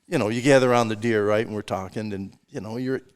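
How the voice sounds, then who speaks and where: A man's voice: lowish voice, fast talker, smooth. An older man hosting a podcast, telling long anecdotes in a casual, chuckling way and acting out the voices of the people in them. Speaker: podcast host. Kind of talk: casual storytelling chat.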